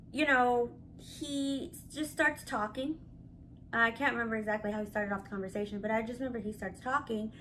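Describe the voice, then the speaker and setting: A woman vlogger telling a story in a casual, animated and candid way, swearing freely. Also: a little high, a little hiss or hum.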